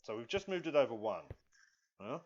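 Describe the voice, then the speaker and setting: A man's voice: medium pitch, big pitch swings, fairly quick. A man streaming live, chatting casually and rambling to himself as he builds in a video game, often apologizing. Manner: rambling, self-talking, apologetic. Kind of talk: live gameplay commentary. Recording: dull lo-fi stream audio with loud noise.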